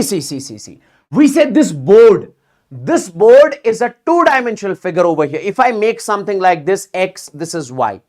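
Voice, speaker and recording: Animated male physics teacher. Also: very high-pitched. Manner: animated, repeats words in bursts, checks in with students often. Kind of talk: live online exam-prep lecture.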